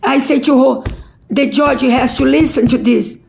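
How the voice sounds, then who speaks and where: A middle-aged woman making an impassioned, pleading public appeal in halting non-native English. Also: sits high, vocal fry, a little mellow, slight background noise, rough recording. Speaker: relative pleading a court case.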